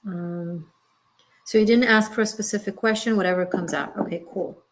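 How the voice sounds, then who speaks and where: Woman giving a halting, gentle tarot reading. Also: mid-range voice, slight background noise. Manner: rambling, halting, with many fillers and restarts; gentle and reassuring. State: emotional, near tears. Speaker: tarot reader. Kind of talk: live-streamed tarot reading.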